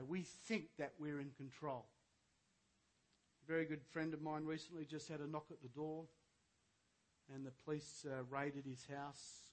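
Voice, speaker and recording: Older man, pastor, sermon, high voice, quiet asides, loud shouted preaching, storytelling. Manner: tells jokes and stories.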